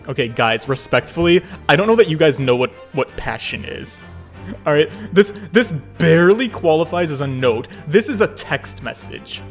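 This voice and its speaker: Animated, high-voiced male streamer. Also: moderate pace, soft background music. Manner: animated, joking, swears freely. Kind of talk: casual let's-play commentary.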